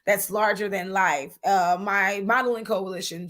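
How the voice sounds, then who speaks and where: A woman guest in an interview, telling her business story in a lively, chatty way, calling people "honey" and using many fillers. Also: medium pitch, measured pace. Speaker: guest entrepreneur. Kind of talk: animated interview talk.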